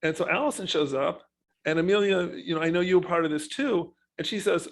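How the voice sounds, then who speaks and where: A man speaking as an economist on a panel, telling his points with animated emphasis. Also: sits high, fairly quick, creaky, rough recording. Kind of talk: panel discussion.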